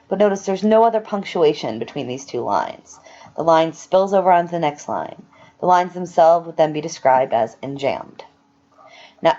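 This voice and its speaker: A woman's voice: fairly low pitch, mellow, lo-fi sound. A woman teaching a recorded lecture, explaining things step by step with some fillers and self-corrections.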